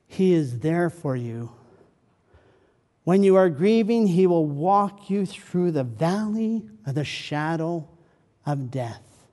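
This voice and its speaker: Dramatic high-voiced male preacher. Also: big-room sound. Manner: dramatic, swings from loud pleading to soft hushed tones. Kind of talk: sermon.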